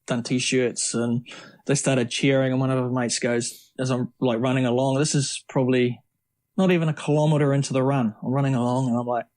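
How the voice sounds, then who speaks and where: A man's voice: medium pitch, fairly quick. Chatty New man telling stories. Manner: rambling, lively anecdotes with many restarts. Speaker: triathlete guest. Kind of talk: casual storytelling interview.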